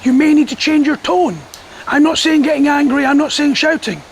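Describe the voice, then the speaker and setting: High, gravelly man calmly teaching. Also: normal speed, slight background noise, low-quality recording. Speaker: dog trainer. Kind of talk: instructional talk to camera.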